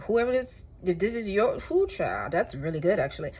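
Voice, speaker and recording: Woman tarot reader, casual and rambling, mid-pitched. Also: normal speed, breathy edge. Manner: chatty, rambling, animated asides with laughs.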